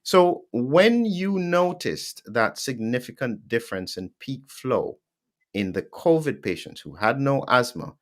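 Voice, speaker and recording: A man's voice: medium pitch, very animated, measured pace. A man hosting an interview, asking careful, probing questions and recapping points for listeners. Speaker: interview host.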